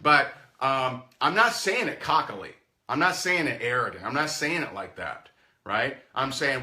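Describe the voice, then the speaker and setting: Bright-voiced animated male sales coach. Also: mid-range voice, normal speed. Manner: animated, acts out phone calls in goofy voices. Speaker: network marketing trainer.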